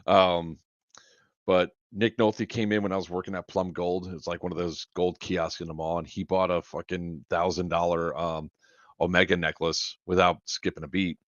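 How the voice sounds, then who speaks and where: A man's voice: low voice, little pitch movement, moderate pace, dry recording. A man hosting a charity livestream, telling casual, profane, rambling stories with frequent laughs. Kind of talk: casual anecdote storytelling. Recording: dull lo-fi stream audio.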